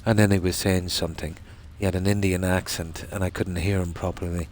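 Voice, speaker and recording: A man's voice: deep voice, flat delivery, fairly quick, darkish tone, slight background noise. A man streaming a game, chatting casually and telling long rambling stories. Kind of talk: casual chat while gaming.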